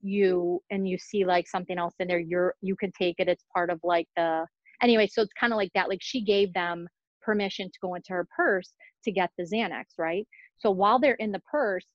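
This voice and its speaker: A woman's voice: lowish voice, a little fast, no echo. A woman hosting a true-crime podcast, chatting casually and rambling through the story with plenty of fillers and little laughs. Her voice comes through dull and lo-fi, close and dry with no room sound. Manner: chatty, many fillers and giggles. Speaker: podcast host.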